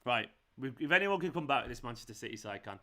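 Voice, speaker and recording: A man hosting a live football watchalong, reacting with exasperation, swearing and shouting at the players. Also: mid-range voice, lively intonation, quick pace, a little hiss or hum. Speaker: fan channel host.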